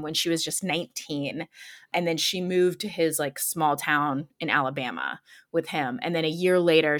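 A woman's voice: sits low, a bit bright. A woman in her thirties telling a story in a casual chat, with many filler words. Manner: chatty, lots of "like" fillers, laughs often. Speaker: podcast host telling a true-crime story.

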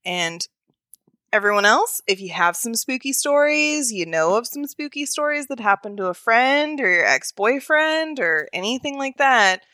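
A woman's voice: fairly high pitch, lively intonation, bright, forceful tone, no room sound. A woman co-hosting a podcast, chatting casually and joking while she reads out a listener's story. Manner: chatty, joking, quick asides. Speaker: podcast co-host.

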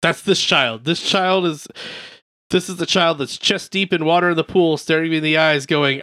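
A man co-hosting a casual comedy podcast, reading comedians' jokes aloud in a deadpan way between crude banter. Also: a little high, normal speed, dry recording. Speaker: podcast co-host.

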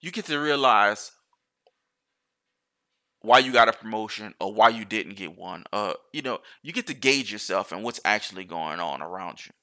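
A man's voice: fairly low pitch, expressive, moderate pace, sharp tone. A man talking in a casual, rambling monologue, swearing freely and restarting his sentences often.

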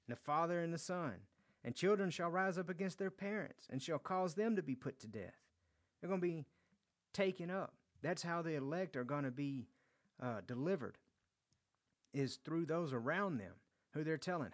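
A man with a fairly high pitch and lively intonation, speaking at a moderate pace, teaches a verse-by-verse Bible study. He reads scripture aloud, then explains it loosely with acted quotes, frequently repeating words and restarting phrases.

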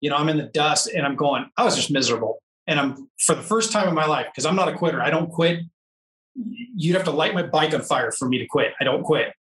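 Male guest, lively storyteller, bright tone, roomy echo, set back from the mic. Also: on the high side, far from the mic. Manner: animated storyteller, laughs often. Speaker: interview guest, off-road racer. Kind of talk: casual storytelling interview.

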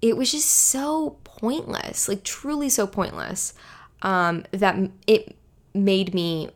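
A woman's voice: medium pitch, slow pace. A young woman in her twenties hosting a solo podcast, rambling casually with lots of filler words. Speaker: podcast host. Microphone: podcast microphone.

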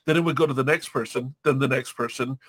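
A man's voice: mid-range voice, fairly even intonation, fast, fairly bright tone, a little hiss or hum. A man reviewing a movie in casual chat, rambling, laughing often and acting out scenes.

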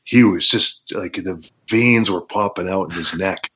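In muffled lo-fi audio, a man with a deep, low voice spins unhurried stories as an interview guest; he's a former pro wrestler. His delivery is relaxed and full of fillers, and he laughs while recounting things.

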